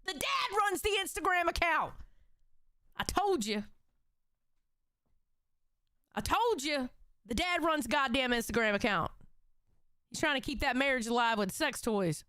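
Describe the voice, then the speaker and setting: A blunt woman reacting with plenty of swearing, her voice high and bright. The sound is dry and close. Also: sing-song, unhurried, long pauses, no room sound. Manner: blunt, profane, laughing. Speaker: co-host. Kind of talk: casual reaction commentary.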